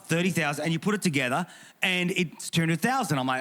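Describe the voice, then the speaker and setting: Talking fast with a sharp tone, a high-pitched, animated English pastor addresses a panel discussion. He's funny, forceful and indignant, restarting his lines again and again.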